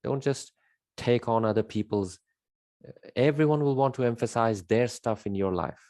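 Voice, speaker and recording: A man's voice: medium pitch, normal speed, a little mellow, dry recording, clean studio sound. A man giving an unscripted spiritual monologue, emphatic and rambling, repeating his key words with many fillers. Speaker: spiritual teacher.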